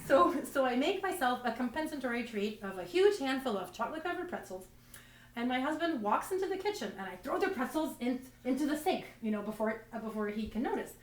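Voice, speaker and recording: Captured on a distant mic in a roomy space, a woman with a high voice does very animated, brisk stand-up. Her storytelling is self-deprecating and rambling, with lots of restarts.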